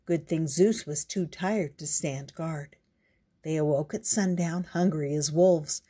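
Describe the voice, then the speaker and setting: A woman reading a picture book aloud in a gentle, unhurried storyteller's way. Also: deep voice, breathy edge.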